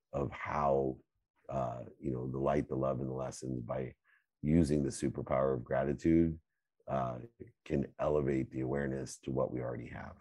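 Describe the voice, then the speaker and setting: Middle-aged guy, super low voice, dark tone, preachy motivational host, dry close sound. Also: gravelly, husky, no echo. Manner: fervent, preachy, swings between loud and soft. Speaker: host and coach. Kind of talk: motivational Q&A answers.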